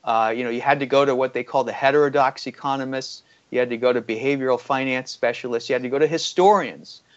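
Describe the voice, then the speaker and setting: A man's voice: medium pitch, fairly even intonation, quick pace, highs cut off. A man giving critical economic commentary as an interview guest, arguing his points with frequent fillers. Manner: critical, argumentative, many fillers.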